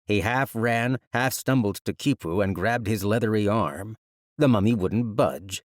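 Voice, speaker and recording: A man with a fairly low voice narrates a fantasy audiobook with measured, even storytelling. The recording is dry and close, as from a studio microphone. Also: no echo.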